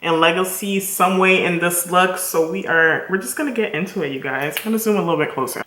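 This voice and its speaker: A chatty woman beauty vlogger talks her viewers through a makeup tutorial with a bright, forward tone. She is upbeat and casual and speaks straight to her audience. Her voice rings in an echoey room. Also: sits low, animated, fairly quick, slight background noise. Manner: chatty and enthusiastic, addresses viewers directly.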